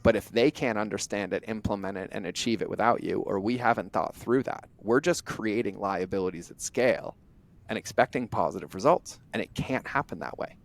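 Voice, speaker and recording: A middle-aged man, a podcast guest, telling stories in a blunt, animated way and acting out bits of dialogue as he goes. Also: on the low side, vocal fry. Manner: animated, acts out imagined dialogue in quick bursts; blunt, drops the odd curse. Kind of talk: conversational interview storytelling.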